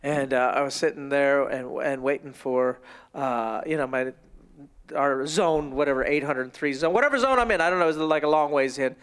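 A male pastor preaching a sermon in a church, telling stories with animated, playful asides. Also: mid-range voice, moderate pace, smooth. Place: church sanctuary.

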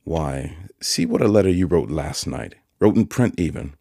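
A man's voice: a bass voice, sing-song, normal speed, gravelly, breathy edge, no room sound, clean studio sound, heavily acted. A man doing an earnest rustic blacksmith. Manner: rustic ungrammatical country speech, earnest and gentle. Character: kindly simple-spoken village blacksmith, warm-hearted man. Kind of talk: audiobook character voice.

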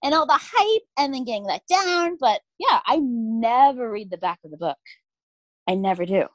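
A young woman co-hosting a casual book chat, animated and quick to act out what people said. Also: a little high, dry recording. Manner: animated, acts out quoted lines, laughs often. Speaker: podcast co-host. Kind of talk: casual chat about books.

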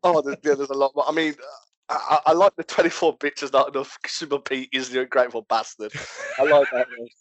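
A man appearing as a guest on a podcast, chatting casually with many halting restarts and frequent laughter. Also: mid-range voice, fairly even intonation, dry recording, low-quality recording. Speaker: podcast guest, viewer of the stream.

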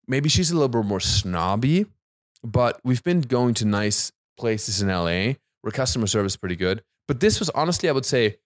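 A man, co-hosting a podcast, telling stories in a lively way with frequent restarts and laughs. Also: mid-range voice, no echo, clean studio sound. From Germany. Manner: animated storyteller, stammers and restarts, laughs often. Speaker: podcast co-host. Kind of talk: casual chat.

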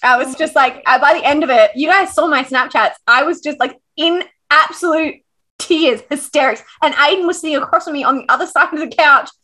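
Woman, podcast co-host, casual book chat, laughs a lot, swears, slightly high voice. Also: fairly quick, bright, forceful tone.

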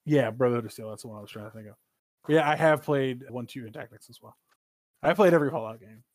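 A man co-hosting a casual gaming podcast, talking in an animated, profane, rambling way with sudden jumps in pitch. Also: fast, no echo. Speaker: podcast co-host.

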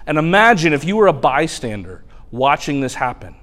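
A man delivers a sermon, retelling a scripture story in plain, animated everyday speech. His voice sits a little high for a man. A long hall reverb trails behind him. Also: fairly quick. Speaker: preacher.

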